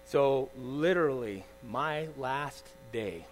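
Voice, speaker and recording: A man preaching a sermon, telling a personal story in a conversational, animated way with asides to his listeners. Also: medium pitch, slow pace, a little hiss or hum.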